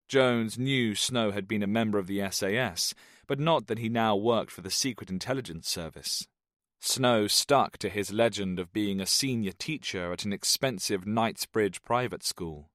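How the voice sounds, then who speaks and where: A man narrating an audiobook in a steady, even reading. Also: on the low side, normal speed, no echo, studio quality. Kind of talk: scripted narration.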